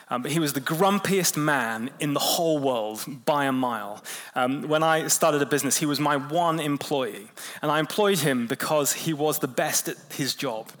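A man preaching a sermon in a relaxed, conversational way, telling stories and quickening and slowing his pace. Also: mid-range voice. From England. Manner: conversational preaching with storytelling, lively shifts in pace. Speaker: pastor.

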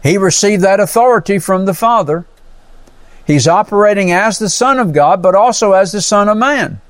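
A man's voice: high voice, animated, moderate pace, no echo. A male pastor preaching a sermon, teaching verse by verse with frequent amens and praises. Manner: teaching Bible verse by verse, explaining Greek words.

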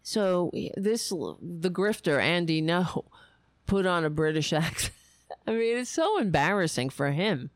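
Slow, scornful political commentator. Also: medium pitch, animated, no room sound, studio quality. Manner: sarcastic and scornful, halting with many restarts. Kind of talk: ranting solo commentary.

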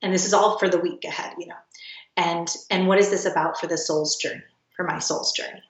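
Low-voiced woman on a distant, roomy call. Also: fairly even intonation, fairly quick. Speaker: podcast guest, project founder. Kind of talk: casual interview chat. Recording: roomy, distant, dull sound.

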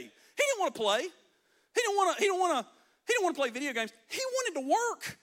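A man's voice: extremely high pitch, sing-song, fast talker, a bit bright. A man preaching a fervent, emphatic sermon to a congregation. He often drops in "man" and "listen" as he presses his points. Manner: peppers talk with "man" and "listen". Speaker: pastor. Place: church service before a congregation.

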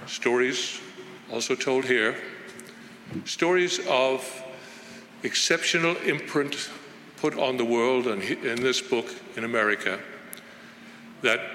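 An older man, originally from Northern Ireland, speaks with a neutral accent that has lost its Irish edge. He talks to an audience in a conversational, reflective way, with frequent fillers and restarts. His bright voice carries through a large, echoey hall with long reverb. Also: medium pitch, a little hiss or hum. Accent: neutral international, little Irish left. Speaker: guest speaker launching a book. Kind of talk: informal speech to an audience.

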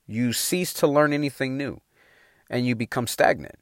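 A man's voice: mid-range voice, moderate pace, no room sound, studio quality. A middle-aged man giving a motivational talk in a casual, slangy, emphatic way, swearing freely. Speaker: motivational speaker.

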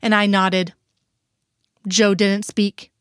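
A woman's voice: mid-range voice, little pitch movement, slow pace, fairly bright tone, clear, resonant tone, dry recording. Woman reading fiction aloud, dry sound. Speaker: reader. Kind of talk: first-person fiction reading.

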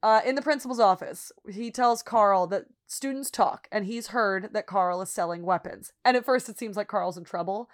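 A young adult woman co-hosting a podcast, recapping scenes in a lively storytelling way and breaking into laughs. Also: mid-range voice, moderate pace, hardly any pauses. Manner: animated storyteller, acts out lines with laughs. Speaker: podcast co-host. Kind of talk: casual podcast chat, retelling scenes.

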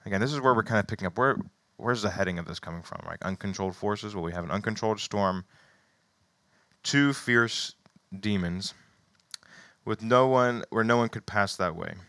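A man's voice: fairly low pitch, normal speed, pauses often, fairly bright tone, dry recording. A man preaching a sermon, reading scripture aloud with rising emphasis and then commenting casually with small laughs.

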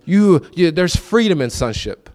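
A male preacher delivers a conversational sermon to a responding congregation. His voice sits a little higher than most men's, and he tells personal stories by acting out both sides of the conversation. He hammers home his points by repeating key lines. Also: very animated, unhurried, a little mellow. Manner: storytelling, acting out his own and others' dialogue; repeats key phrases for emphasis.

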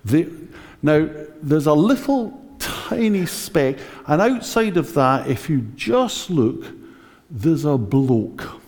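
A man preaching a conversational sermon, speaking directly to the congregation at an unhurried pace. His pitch sits a little high and moves a lot. The voice carries a long church reverb. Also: big pitch swings, darkish tone. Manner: conversational, using a prop, talking directly to the congregation. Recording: echoey church hall.

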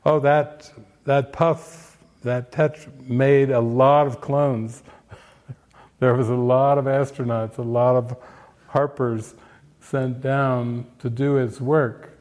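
An older man giving spiritual commentary on a film, unhurried and reflective, with frequent fillers and restarts. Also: mid-range voice, flat delivery, a little mellow.

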